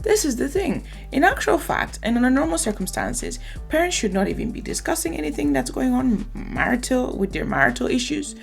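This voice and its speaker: Gravelly-voiced woman giving emphatic commentary. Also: high voice, fairly quick, few pauses, soft background music. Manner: emphatic, opinionated, lively asides. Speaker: reaction video host. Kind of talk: reaction commentary.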